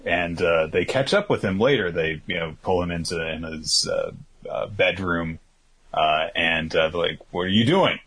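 Casual male host, deep and husky, rambling recap delivery. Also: unhurried, fairly bright tone. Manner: rambling, filler-heavy retelling. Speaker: podcast host recapping manga. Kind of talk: casual chat.

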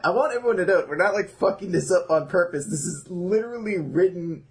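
A man's voice: high voice, lively intonation, a little fast, hardly any pauses. A man co-hosting a podcast in casual chat, laughing often and swearing now and then. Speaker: podcast co-host.

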